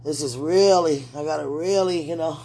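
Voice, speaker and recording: A woman's voice: deep voice, moderate pace, mellow, a little hiss or hum. A middle-aged woman speaking an emotional, repetitive prayer aloud, pleading and talking to herself.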